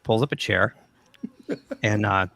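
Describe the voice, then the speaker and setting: A man hosting a livestream and telling lively anecdotes over a video call. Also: on the low side, unhurried, creaky, dry recording. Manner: animated anecdote teller, quotes people in voices. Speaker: livestream host. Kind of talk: casual chat, storytelling.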